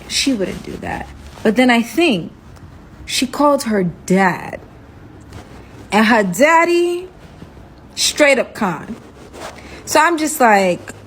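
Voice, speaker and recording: A woman's voice: on the high side, a little hiss or hum, rough recording. A young woman casually telling a dramatic personal story, acting out the dialogue as she goes. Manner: animated, dramatic retelling with acted-out dialogue.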